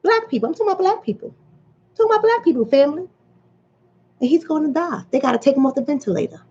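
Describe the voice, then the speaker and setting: A woman from the New York and New Jersey area with that accent, hosting a casual livestream as a relationship coach and reading out viewer comments in an animated storytelling manner. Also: sits high. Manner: animated storytelling, acts out quoted voices. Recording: dull lo-fi audio.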